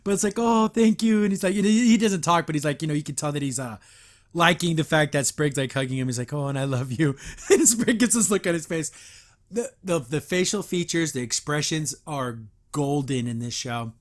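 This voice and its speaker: A male podcast host giving a casual, chatty cartoon review with a high-pitched voice. He laughs often and slips into the characters' lines as he retells the scenes. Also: animated, a little fast.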